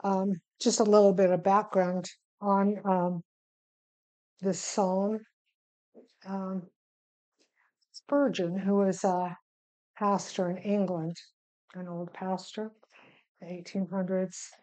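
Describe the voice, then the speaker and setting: A middle-aged woman teaching from the Bible to small groups, speaking unhurriedly with gentle pauses and reading scripture slowly and deliberately. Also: mid-range voice, flat delivery, low-quality recording.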